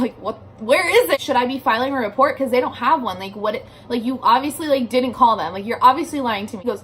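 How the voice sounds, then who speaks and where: A woman's voice: fairly high pitch, animated, fast, hardly any pauses, a bit bright, a little hiss or hum. A young adult woman telling a story in a casual vlog from her bedroom, chatty and filling her speech with "like", swearing casually. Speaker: vlogger.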